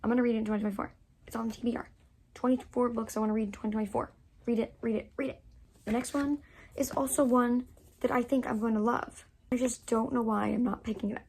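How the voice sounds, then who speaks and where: Young woman, book vlogger, casual chat to camera, slightly high, mellow tone. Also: steady tone, quick pace, slight background noise. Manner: chatty, gushing, many likes and fillers.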